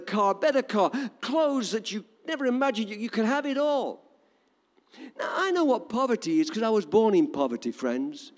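A man's voice: high-pitched, in a large hall. An older man with an English accent preaching a sermon in an emphatic, repetitive cadence. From England.

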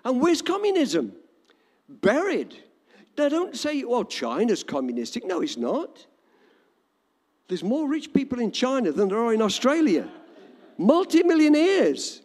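A man's voice: very high-pitched, huge pitch swings, measured pace, pauses often, a little mellow, long reverb tail. An older man with an English accent preaching a sermon in an emphatic, repetitive cadence. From England.

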